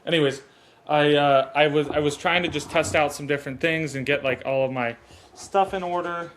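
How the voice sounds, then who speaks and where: This man's voice sits on the high side, a bit bright, with a steady tone and normal speed, plus a little hiss or hum. Hosting his own podcast on a stand-mounted desk mic, he gives earnest, rambling motivational talk and chats while adjusting his mic stand.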